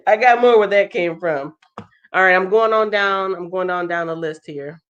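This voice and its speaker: A woman's voice: lowish voice, a little slow, dull audio. A woman hosting a casual livestream walkthrough. She sounds congested and thinks aloud in a chatty way. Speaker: livestream host.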